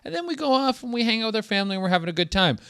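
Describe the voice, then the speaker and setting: A man co-hosting a podcast, asking halting questions in casual chat. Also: sits high, lively intonation, fairly bright tone, smooth, dry recording. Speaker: podcast co-host.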